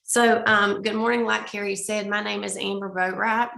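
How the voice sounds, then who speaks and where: Hoarse Southern woman presenting on a webinar. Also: mid-range voice, flat delivery, normal speed, sharp tone, roomy sound. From Southeast Georgia, US. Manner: chatty, apologetic, with fillers. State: under the weather, raspy voice. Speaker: physical therapist presenter.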